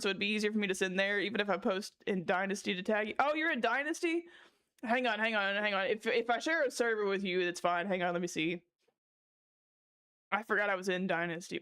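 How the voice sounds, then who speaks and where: A woman's voice: mid-range voice, a bit bright, smooth. A woman livestreaming from a small room at home, chatting casually with viewers, giggling breathlessly and swearing freely between lines.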